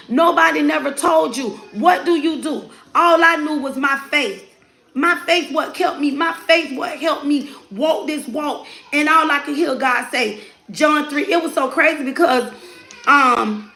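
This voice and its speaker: A woman's voice: high-pitched, vocal fry, bright, forceful tone, roomy sound. A woman sharing a personal faith testimony in an earnest, preacher-like cadence, quoting scripture and laughing often as she talks. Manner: laughs often while speaking. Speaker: mother sharing her testimony.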